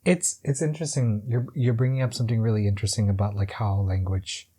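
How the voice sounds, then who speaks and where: Give me a man from California with a low, husky voice, musing thoughtfully on a casual podcast. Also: steady tone, fast talker, warm tone. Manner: thoughtful, with frequent likes and repeated starts. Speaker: podcast co-host. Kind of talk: casual chat.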